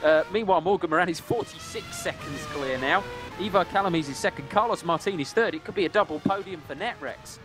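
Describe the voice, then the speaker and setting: A man calls a sim race live in a brisk, excitable voice that sits high and leaps higher whenever cars collide. Faint music plays behind him. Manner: brisk and excitable, rising sharply at crashes. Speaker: sim racing commentator.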